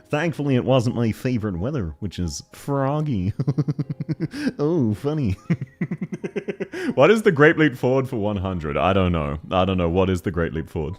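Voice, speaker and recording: A man's voice: mid-range voice, wildly swooping pitch, unhurried, pauses often. A young man chatting casually on a live stream while playing a game, laughing often and answering chat.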